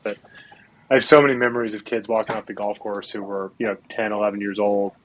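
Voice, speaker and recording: A man hosts a podcast in a somewhat low voice. He tells stories with animation, peppers them with "like" and "you know," and swears casually. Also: fast, a little hiss or hum, low-quality recording. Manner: animated storytelling, profane, many "like"s and "you know"s. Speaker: podcast host. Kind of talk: casual chat.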